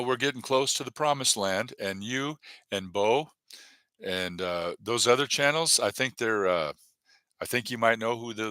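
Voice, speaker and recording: A man with a low, bright, animated voice tells jokes and chats loosely with viewers, filling gaps with "uh" and "um". The sound is dry and close. He rambles along in an easy, casual way. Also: dry recording. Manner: rambling, jokey, many fillers. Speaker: comedy channel host. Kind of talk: casual live-stream chat.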